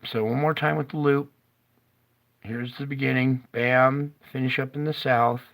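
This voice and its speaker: Slow, gravelly-voiced man. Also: mid-range voice, fairly even intonation, a bit bright. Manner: slow, stop-start talk, praying aloud and muttering when things go wrong. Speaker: livestream weather presenter. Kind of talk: casual live-stream weather commentary.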